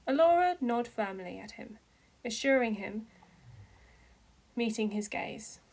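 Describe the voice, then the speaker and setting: This woman's fairly high voice is expressive, creaky, and darkish in tone, and she reads fan fiction aloud a little slowly. Her amateur narration stays steady while the characters' lines rise into cries.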